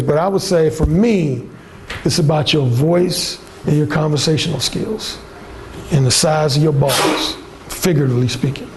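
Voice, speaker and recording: A man's voice: a little high, a little mellow, slight background noise. A man giving a workshop presentation in a blunt, emphatic way. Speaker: workshop speaker. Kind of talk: seminar presentation. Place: conference room.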